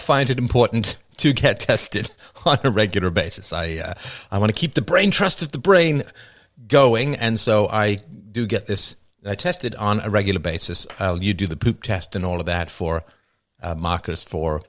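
Wry rambling man, fairly low voice. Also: fairly bright tone, no echo, clean studio sound. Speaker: livestream host taking questions. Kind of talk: casual livestream monologue.

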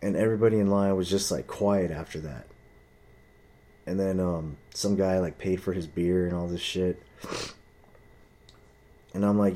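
Young man, low dark voice, heated profane storytelling monologue. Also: fairly even intonation, moderate pace, pauses often. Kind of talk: casual ranting monologue.

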